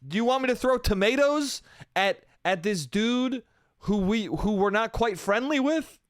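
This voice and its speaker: Male comic voicing a coded street criminal: mock-innocent, a bit raised and high, dry. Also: animated, measured pace, no echo. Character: coy male street criminal talking in code.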